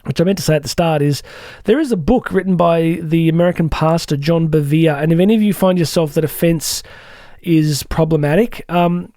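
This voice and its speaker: Guy doing a motivational podcast, kinda high but mellow voice, dry close mic. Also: brisk, dry recording. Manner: casual, animated, self-deprecating asides. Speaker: podcast host.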